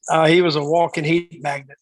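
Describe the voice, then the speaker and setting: A man's voice: fairly high pitch, little pitch movement, brisk, a little hiss or hum, poor audio. A man in a casual interview, telling rambling backstage stories and acting out the lines of the people in them. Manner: rambling storyteller who acts out quoted dialogue. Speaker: guest storyteller.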